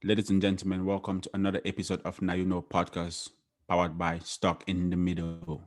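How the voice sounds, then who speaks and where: A young man leads a casual podcast conversation. He sounds relaxed and often doubles up words mid-sentence. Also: deep voice, quick pace, faint music behind. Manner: relaxed, repeats words as he speaks. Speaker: podcast host.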